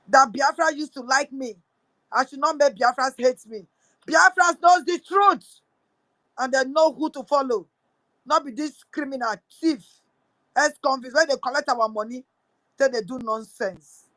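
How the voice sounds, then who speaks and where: A woman's voice: sits high, fairly bright tone, dry recording, low-quality recording. A woman with a Nigerian accent mixing in pidgin, angrily accusing someone in a live audio room. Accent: Nigerian English with pidgin. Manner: angry, accusing, repetitive. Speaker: speaker on a live audio space.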